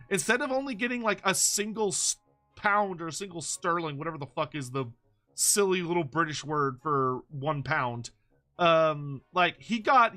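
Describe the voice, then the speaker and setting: A man's voice: a little high, bright, forceful tone. A man hosting a casual meme review, rambling with frequent swearing and mock-outraged rants. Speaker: YouTube host reviewing fan memes.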